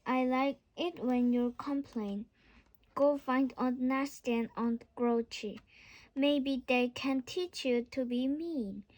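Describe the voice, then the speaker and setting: Brief: snappish storybook mother witch, high and slow, read by a woman. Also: a little mellow. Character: cranky mother witch who loves badness.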